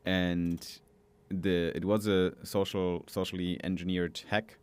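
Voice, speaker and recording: A man with a very deep voice co-hosts a casual podcast in a booth. He speaks in a relaxed, hesitant way and pauses on fillers while he gathers his thoughts. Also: clean tone. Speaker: podcast co-host. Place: podcast booth at a conference office.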